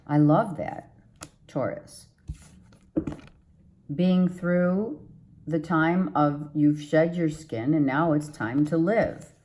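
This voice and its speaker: A woman's voice: deep voice, slow pace, pauses often, warm tone. A woman giving a casual, rambling tarot reading to her viewers. She repeats herself and keeps an upbeat, encouraging tone. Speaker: tarot reader.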